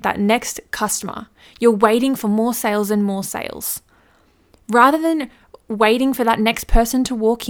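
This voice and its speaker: A woman hosting a solo business podcast, chatty and playful, acting out little scenes as she gives advice. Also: a little high. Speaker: podcast host, business coach.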